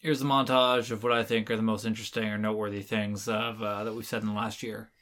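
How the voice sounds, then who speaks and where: A man's voice: fairly low pitch, flat delivery, fast, fairly bright tone. A man co-hosting a casual podcast, profane and ranting, laughing often. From Canada. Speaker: podcast co-host.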